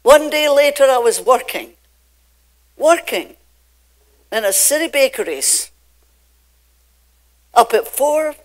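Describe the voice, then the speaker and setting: An older woman from Scotland with a Scottish accent, preaching a sermon from a church pulpit with emphatic, drawn-out phrases that swing between loud and soft. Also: high voice, expressive. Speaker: pastor.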